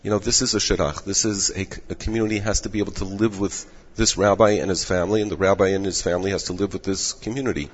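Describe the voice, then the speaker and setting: Hoarse low-voiced man advising. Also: fairly even intonation. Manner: measured, advising. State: losing his voice. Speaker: rabbinic placement director. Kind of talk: explanatory interview answers. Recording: echoey dull room audio.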